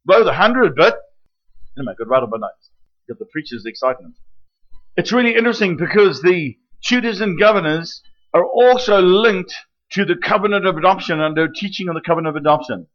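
Casting: male preacher, high voice, animated teaching delivery that keeps checking in with the room, dull lo-fi recording. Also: a little fast. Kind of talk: sermon.

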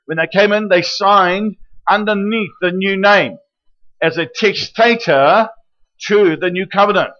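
A man with a high voice preaches a sermon, teaching in a lively way and often pausing to ask his listeners if they follow. The recording is muffled and lo-fi, with the top end rolled off. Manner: lively teaching preacher, rhetorical questions and checks with the room. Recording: dull lo-fi recording.

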